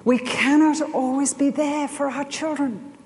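An older woman preaching a sermon, telling stories in an animated way that swings between loud and soft. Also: high-pitched, measured pace. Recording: long hall reverb.

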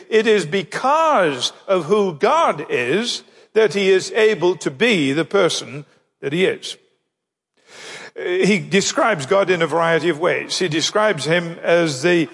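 A male preacher with a fairly high voice delivers a sermon in a measured way. He drops his pace to lean on the key phrases. His voice carries a long reverb tail, as in a large hall. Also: fairly bright tone, breathy edge.

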